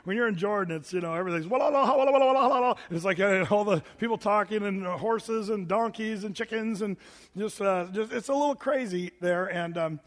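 A man's voice: high voice, brisk, a bit bright, long reverb tail. A man preaching a sermon in a chatty, rambling way, full of fillers and restarts. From United States. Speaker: pastor.

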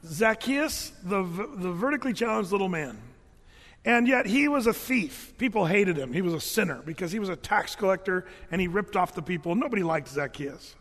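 A man with a high voice preaches a sermon, retelling Bible stories with animated, folksy asides. His voice rings out with a long hall reverb. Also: fairly quick. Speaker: pastor.

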